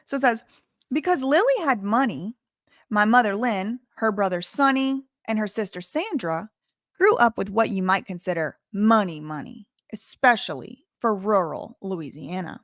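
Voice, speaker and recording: A woman's voice: mid-range voice, animated, normal speed, fairly bright tone, no room sound. Woman commentator, reads passages aloud then drifts into chatty asides; dry, close recording. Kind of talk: reading a memoir aloud with casual commentary.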